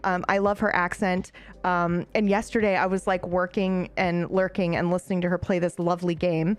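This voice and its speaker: A woman's voice: lowish voice, level tone, normal speed. A woman streamer chatting casually with her live chat, bubbly and giggly, with frequent laughs and asides.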